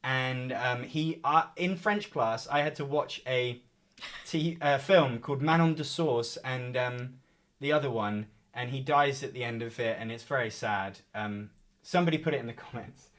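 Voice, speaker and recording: A man's voice: medium pitch, moderate pace, a bit bright. A young man co-hosting a live game show stream, joking around and reading viewer comments aloud.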